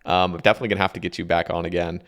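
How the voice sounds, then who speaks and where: Guy with a lowish voice hosting a chill podcast, easygoing, keeps agreeing. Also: very fast. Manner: relaxed, agreeable, often repeats himself. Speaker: podcast host. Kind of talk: casual podcast chat.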